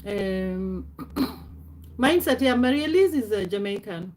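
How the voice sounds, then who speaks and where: Middle-aged woman doing a casual live stream, mid-pitched voice, loose and chatty, laughs a lot, keeps clearing her throat. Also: animated, slow pace, a little mellow, a little hiss or hum. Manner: chatty, greets viewers by name, frequent laughs and throat clearing.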